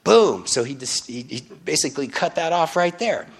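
A man's voice: on the high side, animated, normal speed, gravelly, a crowd in the background. Casual man preaching, keeps asking "right?". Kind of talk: conversational Bible teaching.

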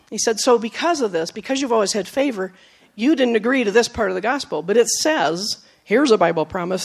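A woman preacher giving a sermon, telling stories with acted quotes, moving from emphatic lines to soft, low asides. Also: husky. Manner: storytelling, with acted quotes and laughs.

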